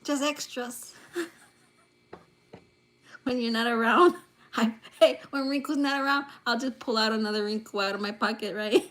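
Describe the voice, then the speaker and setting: Woman livestream host with a high voice, playful and teasing with viewers, laughing often, phone on a table. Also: moderate pace, long pauses, fairly bright tone. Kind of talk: casual livestream chat with viewers. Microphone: phone lying on a table.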